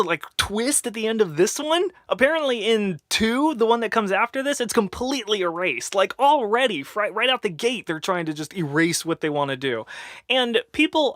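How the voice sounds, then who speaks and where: Male podcast host, bright animated delivery, lively pitch, dry close mic. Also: no room sound. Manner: lively, animated, plays the show's announcer. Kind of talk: casual podcast chat.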